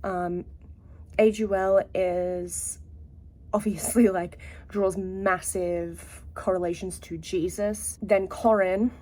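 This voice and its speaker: Woman vlogger, warm low-key tone, casual and gushing, loose with fillers. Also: slight background noise. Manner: chatty and enthusiastic, many "like" fillers. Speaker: book vlogger. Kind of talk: casual vlog chat.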